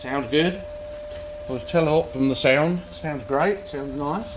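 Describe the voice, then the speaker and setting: A man's voice: on the high side, unhurried, background noise. A man chatting casually to camera, muttering to his work as he welds in his garage. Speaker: garage vlogger welding a pickup. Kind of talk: casual workshop chat to camera.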